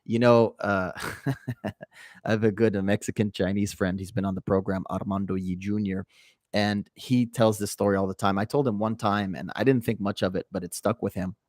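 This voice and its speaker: A young man hosting a livestream, telling a long anecdote in a calm, rambling way with fillers. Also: fairly low pitch, normal speed, dry recording, studio quality. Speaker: livestream host. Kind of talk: casual storytelling to a live chat.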